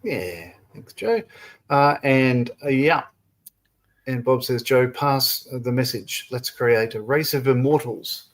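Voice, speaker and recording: A man co-hosting a relaxed model-building livestream, reading viewers' comments aloud and laughing often. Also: mid-range voice, slow. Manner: laughs often, reads chat messages aloud. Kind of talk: casual chat reading out live comments.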